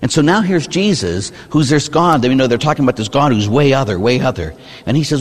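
A man, a Catholic priest, preaching a sermon in an animated, rhetorical way, often asking "huh?". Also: medium pitch, quick pace, breathy edge. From United States. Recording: reverberant hall.

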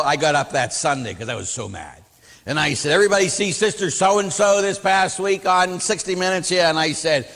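A man, a Catholic priest, preaching a sermon in an animated, emphatic, anecdotal way. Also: high-pitched. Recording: long reverb of a hall.

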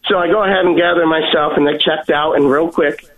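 A man's voice: on the high side, steady tone. Earnest man on a tinny phone line. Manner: earnest, halting, repeats his words. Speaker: caller telling a personal faith story. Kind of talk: heartfelt storytelling. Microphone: telephone.

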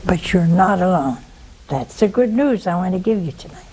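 A woman's voice: fairly low pitch, expressive, normal speed, mellow, slight background noise. A woman preaching a sermon, telling a story in a conversational way and asking the audience rhetorical questions.

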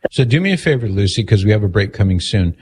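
A man hosting a radio call-in show, asking calm, measured questions and summing up what he hears. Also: lowish voice, breathy edge. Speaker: radio host.

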